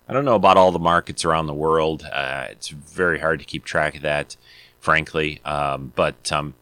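A man's voice: rumbling low, normal speed, bright, forceful tone, no echo. A man hosting his podcast in a loose, rambling chat full of fillers and restarts. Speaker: podcast host. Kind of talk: casual solo podcast chat.

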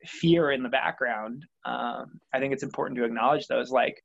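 A man's voice: mid-range voice, moderate pace, creaky, dull audio. A young adult man answering interview questions about his motivation, thoughtful and rambling with many fillers. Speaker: interview guest, triathlete. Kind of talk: reflective conversational interview.

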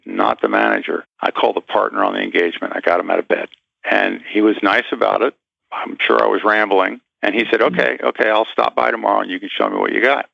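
A man's voice: fairly low pitch, vocal fry, sharp tone, no echo, muffled recording. A man guest in an interview, telling a story with animation and acting out the voices of the people in it.

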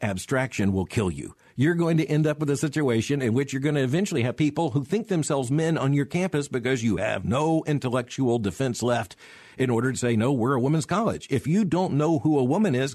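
A man's voice: mid-range voice, lively intonation, quick pace, darkish tone, no room sound, clean studio sound. A middle-aged man giving emphatic radio commentary, with sarcastic asides.

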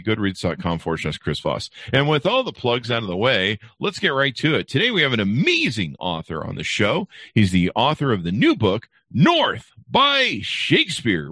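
A man's voice: lowish voice, fairly bright tone, no echo, studio quality. A man hosting a podcast, joking and self-deprecating as he reads plugs and an introduction. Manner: jokey, self-deprecating, stumbles over names. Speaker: podcast host. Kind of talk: podcast interview with sponsor reads. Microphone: studio microphone.

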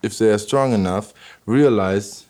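A man being interviewed about his work as an electronic musician, answering in halting non-native English with constant "you know" fillers and many restarts. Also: fairly low pitch, darkish tone.

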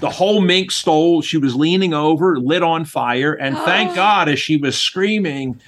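A middle-aged man, a former chef and interview guest, telling stories in an animated way and acting out voices. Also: a little high, moderate pace. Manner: animated storyteller, acts out voices. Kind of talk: storytelling interview chat.

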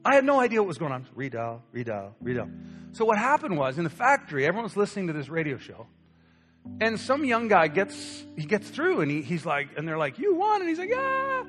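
A young man preaching, telling a personal story with lively acted-out voices. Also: sits high, fast talker. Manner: animated storyteller acting out quoted voices. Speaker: pastor. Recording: long hall reverb with soft guitar.

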